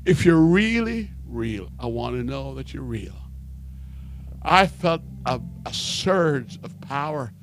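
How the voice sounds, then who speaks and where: A man preaching a sermon, telling his conversion story and building from quiet storytelling to shouted fervor. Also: fairly high pitch, creaky. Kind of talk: sermon testimony.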